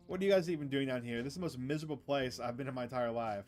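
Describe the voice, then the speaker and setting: A man's voice: mid-range voice, very fast, a little mellow, soft background music. A man streaming a visual novel, reading the dialogue aloud and joking with his chat in a playful, casual way. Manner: playful, jokey asides to chat. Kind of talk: casual let's-play narration with character reading.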